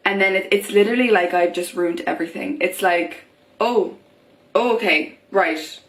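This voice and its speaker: A woman's voice: medium pitch, normal speed. Chatty young woman in an echoey room. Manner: chatty, many fillers, acts out quoted voices. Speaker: vlogger. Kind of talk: casual talk to camera.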